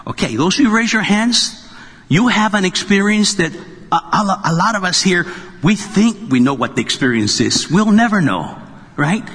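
Husky high-voiced man preaching in reverb. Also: lively intonation, normal speed, fairly bright tone. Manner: joking, conversational preaching. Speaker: pastor. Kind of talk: sermon. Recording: long reverb of a large hall.

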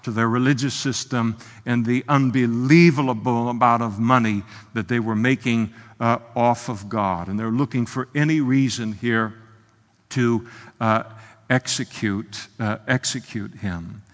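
A man pastor delivering a sermon with passion, dropping to quiet asides and then surging into loud, emphatic lines. His voice sits at an ordinary middle pitch for a man. The sound rings out with a long reverb, as in a church sanctuary. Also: steady tone, a little slow. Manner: impassioned, swings from soft to loud with emphatic quotes. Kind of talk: expository sermon.

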